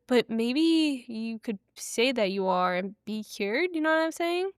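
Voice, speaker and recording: A woman's voice: a little high, expressive, unhurried, clear, resonant tone, no room sound, clean studio sound. A young woman hosting a podcast, casually retelling an episode with slangy, opinionated asides. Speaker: podcast host.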